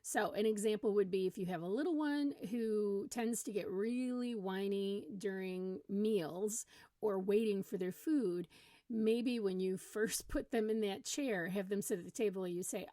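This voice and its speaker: A woman parenting coach explaining strategies step by step in a calm, encouraging way. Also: medium pitch, unhurried, no echo, clean studio sound. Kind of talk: instructional talk to camera.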